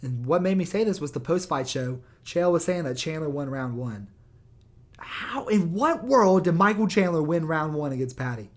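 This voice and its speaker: A man's voice: fairly high pitch, expressive, normal speed. A young man on his own microphone, ranting in a heated, sarcastic way with lots of swearing. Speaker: YouTuber. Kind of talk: profane rant. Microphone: new microphone.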